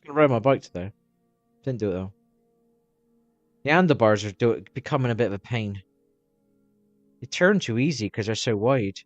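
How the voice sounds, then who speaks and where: A man's voice: medium pitch, expressive, moderate pace, long pauses, dry recording, highs cut off, faint music behind. A man chatting loosely on a live stream while watching videos, swearing freely as he rambles.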